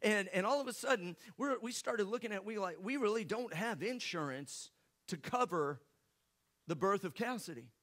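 Pastor, high voice, preaching through a story with jokes. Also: male voice, expressive, normal speed, a bit bright. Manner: storytelling, joking with the congregation. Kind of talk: sermon.

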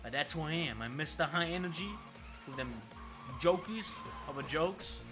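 A man streaming himself playing an arcade racing game, talking casually and excitedly to his viewers and swearing now and then. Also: a little high, normal speed. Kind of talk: live gameplay commentary. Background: arcade racing game music.

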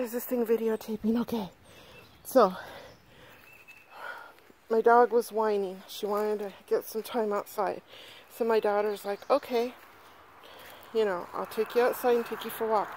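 A woman's voice: on the high side, slight background noise. A middle-aged woman vlogging outdoors on her phone, breathless and gushing, swearing freely as she talks. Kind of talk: excited casual vlog. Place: outdoors in a yard. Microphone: handheld phone camera.

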